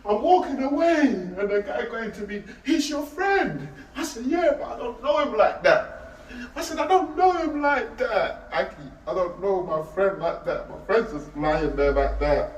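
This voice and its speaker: Outdoors on a street, a man with a high-pitched, animated voice gives an emotional talk at normal speed about a friend's death. He's intense and repetitive, pleading with listeners he calls Aki, and the recording sounds echoey and distant with faint ambience.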